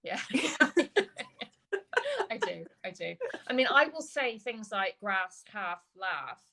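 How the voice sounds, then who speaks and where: A woman with an English accent, hosting a casual chat with an author, chatty and quick to agree. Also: medium pitch, expressive, gravelly, pushed and bright, low-quality recording. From England, with childhood years in California. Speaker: host interviewing an author. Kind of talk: casual video-call chat.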